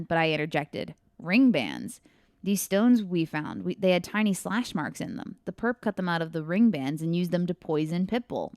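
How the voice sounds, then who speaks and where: A woman's voice: lowish voice, clean tone, dry recording, studio quality. Woman reading her story aloud on a podcast. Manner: laughs often, quick asides. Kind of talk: reading aloud with casual chat asides.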